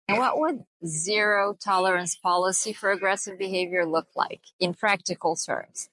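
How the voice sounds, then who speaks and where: امرأة ذات صوت مشرق وجاف تشرح بجدية. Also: female voice, medium pitch, moderate pace, few pauses, fairly bright tone, no echo, low-quality recording. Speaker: parenting vlogger. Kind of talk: talking-to-camera advice.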